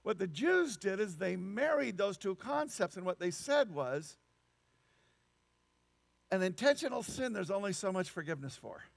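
A man preaching a sermon, animated and emphatic, with incredulous asides. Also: high-pitched, normal speed, vocal fry, no room sound. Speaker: pastor.

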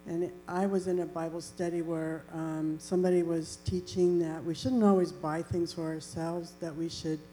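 Woman, low and mellow, earnest testimony, faint mains hum. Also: flat delivery, moderate pace, few pauses, soft background music, poor audio. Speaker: church member giving a testimony. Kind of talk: personal testimony.

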